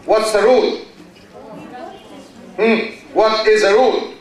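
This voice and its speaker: A man's voice: high-pitched, steady tone, takes it slowly, long pauses. A man lecturing a university class, asking the students questions, answering them himself and repeating key phrases. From Egypt. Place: large university lecture hall. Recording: very echoey lecture hall, mic far off.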